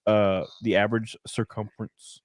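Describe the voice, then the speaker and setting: A man's voice: on the low side, flat delivery, moderate pace, dry recording, clean studio sound. A man hosting a casual livestream chat, crude and joking, reading viewer comments aloud. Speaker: stream host.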